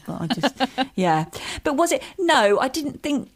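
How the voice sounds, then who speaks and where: This is a woman talking through her early career on a podcast. Her voice sits a little low, and she tells her stories in a relaxed, self-mocking way, laughing now and then. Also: quick pace, hardly any pauses. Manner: chatty, self-deprecating, laughs while telling stories. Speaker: comedian and writer, guest. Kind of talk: relaxed interview chat.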